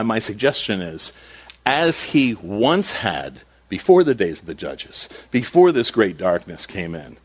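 A male pastor teaching through a Bible passage in a conversational sermon, sometimes acting out the quoted speakers. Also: fairly low pitch.

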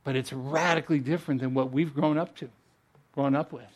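A man's voice: medium pitch, steady tone, fairly quick. A middle-aged male pastor giving a conversational sermon, stumbling over restarts and building to emphatic rises.

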